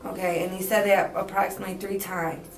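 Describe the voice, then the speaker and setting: A woman answering a detective's questions as a witness, in flat, short answers. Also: medium pitch, fast talker, soft background music. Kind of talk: police interview answers. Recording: distant echoey interview tape.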